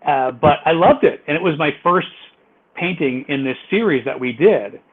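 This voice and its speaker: A middle-aged man, a guest painter in a casual interview, calmly and plainly explaining his work. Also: on the high side, moderate pace. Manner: calm, agreeable, explains his process plainly. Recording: thin phone-like line.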